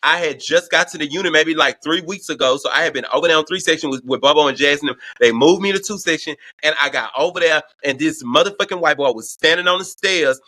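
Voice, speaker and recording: A man from Houston hosting a show, telling a wild prison story in a loud, profane, gossipy way. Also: a little high, fast talker, few pauses, no room sound. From Houston, Texas. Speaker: host. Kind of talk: casual storytime commentary.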